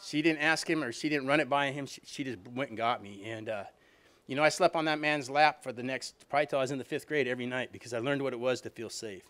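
A man's voice: mid-range voice, quick pace, fairly bright tone. A middle-aged man giving a rambling, self-deprecating recovery talk, peppered with "you know what I mean.". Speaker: alumni reunion speaker.

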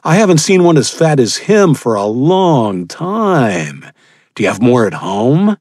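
A man's voice: mid-range voice, very animated, a little slow, darkish tone, husky, no echo, clean studio sound, voice pushed up. A man voicing a tall, menacing male cannibal leader who taunts gleefully. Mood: taunting.

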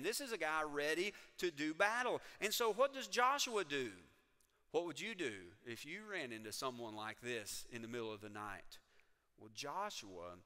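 A man's voice: a little high, pushed and bright, long reverb tail. A man preaching a sermon as pastor, telling the story with emphatic, building energy. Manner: emphatic and storytelling, with rising energy on key points. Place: church sanctuary.

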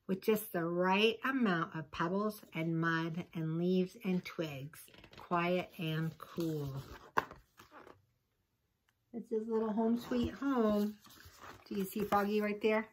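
A woman's voice: mid-range voice, slow, slight background noise, poor audio. A woman, a teacher, reading a picture book aloud to children and chatting with them about the pictures. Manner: chatty asides to young listeners.

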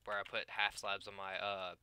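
A man's voice: lowish voice, completely flat delivery, moderate pace, bright, forceful tone, smooth. A tired young man giving casual gameplay commentary on his video channel, rambling, losing his train of thought and filling gaps with "uh" and "like". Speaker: gaming YouTuber.

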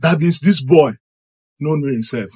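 Nigerian man, husky and fairly high voice, animated first-person storyteller who repeats himself for effect. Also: measured pace. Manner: excited, repetitive, acts out what happened. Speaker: storyteller recounting a personal experience.

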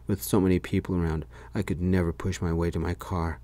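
A man telling a first-person story in a soft-spoken voice, close to the mic, in whispered role-play. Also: deep voice, level tone, fairly quick, no echo.

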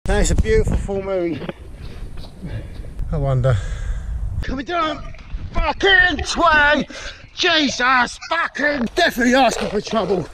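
A man with a strikingly high voice films himself running through a dark wood at night. He swears and mutters complaints as he goes, and the camera mic picks up noisy outdoor sound around him. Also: very animated, moderate pace, pauses often. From England. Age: 40s. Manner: swearing, frustrated muttering, sings along to music. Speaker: vlogger filming his own night run. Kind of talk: breathless running vlog with bursts of singing.

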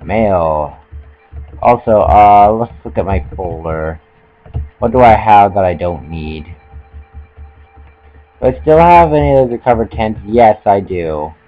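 A man's voice: lowish voice, animated, unhurried, long pauses, phone-quality sound, soft background music. A young man giving casual, joking commentary while playing a video game, often stumbling over his words and poking fun at himself. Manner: joking, self-mocking, trips over words. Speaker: let's play gamer.

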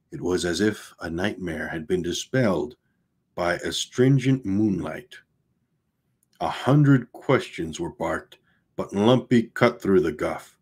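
A man reading a novel aloud in a low, husky voice. He reads slowly and plainly, stopping to restart a line or to add a casual aside. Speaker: audiobook reader.

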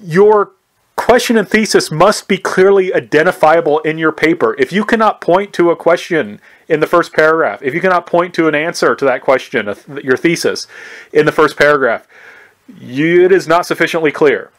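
A man's voice: on the high side, normal speed, a bit bright. A man giving a conversational recorded history lecture, often asking "right?" and restarting his sentences. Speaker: history professor.

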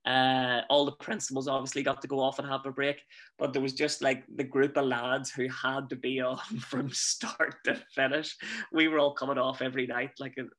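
A Northern Irish man, a musical theatre actor, telling animated stories in a casual interview and chuckling often. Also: mid-range voice, normal speed. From Northern Ireland.

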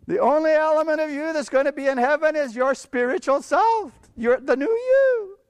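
A man's voice: very high voice, expressive, measured pace, long pauses, no room sound. A man preaching a sermon, emphatic and blunt, often chuckling between his points as he reads and explains scripture. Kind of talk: sermon with Bible reading.

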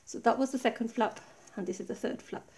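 At her craft table, a woman calmly shows off each pocket and flap of her project step by step in a relaxed, chatty show-and-tell walkthrough. Her soft, mellow voice is on the high side, fast, and has some vocal fry, caught by a tablet camera mounted high above the desk.

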